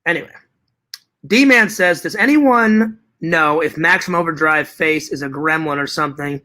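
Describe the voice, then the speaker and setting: A man hosting a live stream talks with a high, bright voice. He chats casually, answering his viewers' messages. His talk is animated and full of swearing, and he often says the same line twice. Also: normal speed. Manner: animated, profane, repeats himself. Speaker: live stream host reading chat.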